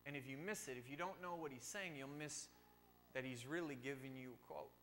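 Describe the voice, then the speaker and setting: A man's voice: mid-range voice, a little fast, a bit bright. A man giving a casual youth sermon in a church, speaking informally with joking asides. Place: church sanctuary. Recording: long church reverb with faint hum.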